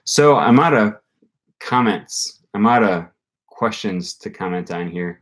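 A man's voice: on the low side, lively intonation, unhurried, fairly bright tone. A young man hosting a casual livestream, answering comments and thinking aloud with many fillers. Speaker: language-learning channel host.

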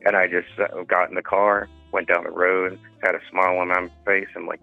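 Deep-voiced male caller on a tinny phone line. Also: little pitch movement, a little fast, vocal fry, no room sound, soft background music. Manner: hesitant, rambling with many fillers. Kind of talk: phone-in storytelling.

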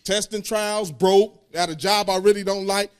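High-voiced preacher man, sung scripture. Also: fairly even intonation, normal speed, smooth. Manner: call-and-response preaching, reading scripture aloud and bursting into sung lines. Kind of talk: sermon.

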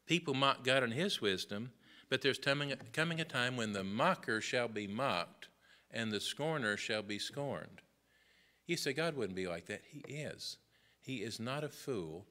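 A man's voice: mid-range voice, animated, unhurried, bright, forceful tone. A middle-aged man teaching Sunday school, preaching on a Bible passage with folksy asides and mock back-and-forth with his listeners.

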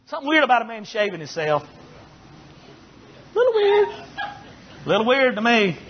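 A man preaching as a Baptist pastor, folksy and joking, who builds to shouted preaching. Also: high-pitched, very animated, quick pace, a little hiss or hum. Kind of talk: sermon. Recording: dull lo-fi recording.

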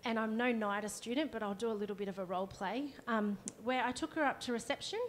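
A woman's voice: fairly high pitch, fast talker, slight background noise. A woman, a counsellor giving a conversational workshop talk and demonstrating as she explains. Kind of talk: live presentation to an audience.

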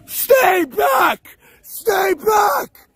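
A man's voice: extremely high pitch, big pitch swings, extremely slow, fairly bright tone, shouting. A man filmed in a street confrontation, screaming panicked warnings over a chanting crowd, heard in an archival stream clip. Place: outdoors on a street.

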